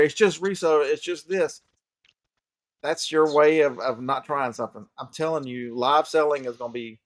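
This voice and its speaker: A man's voice: fairly high pitch, dry recording, studio quality. A man with a Southern American accent, chatting casually and emphatically on a live stream, often repeating himself for emphasis.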